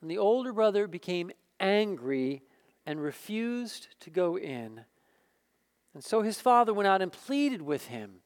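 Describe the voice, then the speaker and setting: A man's voice: high-pitched, lively intonation, measured pace. A pastor preaching a sermon, emphatic and repeating words as he builds each point.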